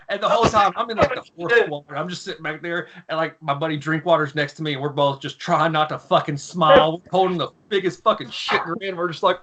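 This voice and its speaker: A man in his thirties, a former Marine guest on a podcast, telling crude stories in a casual, animated way and sometimes mimicking shouting officers. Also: on the high side, fast, few pauses, slight background noise. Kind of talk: casual storytelling.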